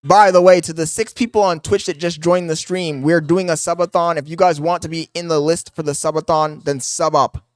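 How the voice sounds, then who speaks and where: A man's voice: fairly high pitch, steady tone, fairly quick, hardly any pauses, dry recording, clean studio sound. A man streaming live, reacting to videos and making chatty, joking asides to his chat.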